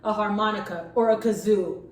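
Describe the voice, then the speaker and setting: A woman's voice: mid-range voice, fairly even intonation, a little fast, darkish tone. A young adult woman co-hosting a podcast, chatty and candid in casual talk. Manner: chatty, candid, laughs easily. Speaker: podcast co-host. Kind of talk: casual chat. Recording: roomy, distant mic, some noise.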